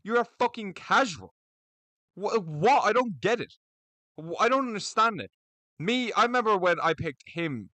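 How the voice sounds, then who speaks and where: A young man delivers an animated solo rant, swearing freely and speaking his mind without holding back. His voice sits a little high and comes across bright and forceful. The recording is dry and close, with no room sound. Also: moderate pace, dry recording. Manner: blunt, profane, animated. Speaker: MMA commentary vlogger. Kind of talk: opinionated solo rant to camera.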